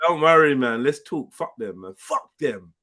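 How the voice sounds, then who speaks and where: A man's voice: a little high, expressive, moderate pace, a bit bright. Slangy man hosting a livestream. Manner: loose, teasing street slang. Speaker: livestream host. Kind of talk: casual livestream chat.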